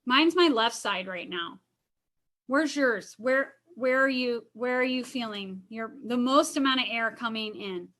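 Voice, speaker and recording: A woman's voice: on the high side, a little slow, a bit bright. A woman counselor leading a casual wellness lesson over a video call, chatty and encouraging. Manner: chatty, encouraging, uses "kinda" and "like" often.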